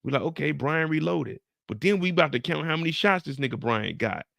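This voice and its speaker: A man with a gravelly, crisp voice recaps a TV episode live, full of slang and profanity. He acts out the scenes with gunshot noises and side stories. His sound is dry and close. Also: medium pitch, big pitch swings, quick pace, fairly bright tone, dry recording. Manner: acts out scenes with sound effects and personal anecdotes. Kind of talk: animated storytelling recap.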